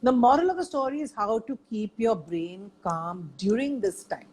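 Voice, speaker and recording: Older lady, kinda high husky voice, chatty and emphatic, hammers her points home. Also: moderate pace, poor audio. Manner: emphatic, animated, repeats points for stress. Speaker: guest sharing experience. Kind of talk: casual chat.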